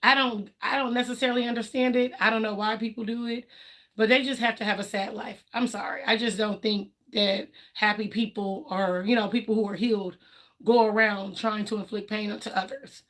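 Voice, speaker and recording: A woman's voice: medium pitch, steady tone, brisk, fairly bright tone. A woman hosting a livestream, talking candidly and emphatically in colloquial speech, acting out what other people said and laughing between her points. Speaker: livestream host. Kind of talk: casual personal talk on a livestream.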